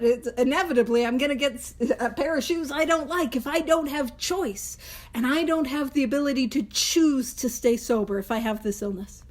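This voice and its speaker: A young adult woman leading a book study in a casual, emphatic teaching style, laughing often as she talks. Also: high voice. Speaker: Big Book study leader.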